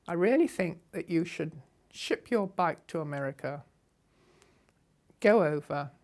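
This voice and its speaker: An older woman telling her life story in an unscripted, assertive and brisk way. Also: low-pitched, vocal fry. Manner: brisk, assertive, animated retelling with laughs. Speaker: storyteller recalling her past. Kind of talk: unscripted spoken memoir.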